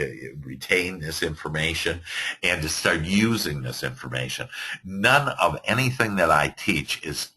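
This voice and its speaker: A man teaching a motivational seminar to a class, rambling and animated, laughing often. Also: extremely low pitch, husky. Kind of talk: motivational lecture.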